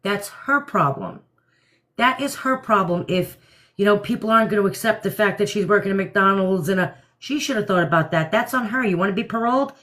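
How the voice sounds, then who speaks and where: A woman's voice: mid-range voice, quick pace, fairly bright tone. A middle-aged woman hosting a casual livestream from home at night, blunt and laughing often. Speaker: livestream host. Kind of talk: casual live chat.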